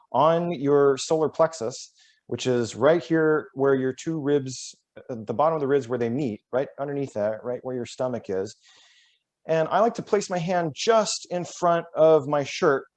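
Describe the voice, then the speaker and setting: A man presenting a workshop, walking through voice warm-up exercises in a relaxed, self-deprecating way and demonstrating each one aloud, likely over a video call. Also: mid-range voice.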